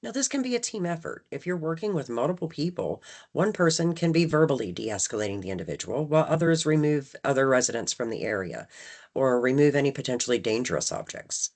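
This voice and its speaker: A woman's voice: rumbling low, big pitch swings, brisk, a little mellow. A woman leading a staff training session, talking conversationally and often checking in with "right?". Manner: acts out phrases with shifting emphasis. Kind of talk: training presentation.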